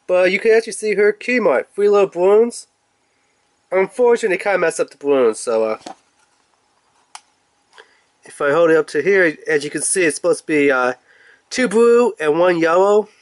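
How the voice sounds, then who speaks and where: A man casually reviewing and unboxing a toy, chatty and rambling, with bursts of excitement. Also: fairly high pitch, no room sound. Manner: chatty, rambling with fillers, excitable when revealing toys.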